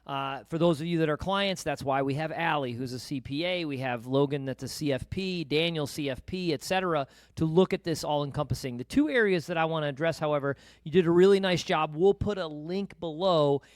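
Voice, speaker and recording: A man's voice: a little high, fairly quick, hardly any pauses, dry recording, studio quality. A middle-aged man hosting a financial podcast, talking casually and summarizing points with personal stories. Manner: conversational, anecdotal, interjecting to summarize. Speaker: podcast host. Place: podcast studio.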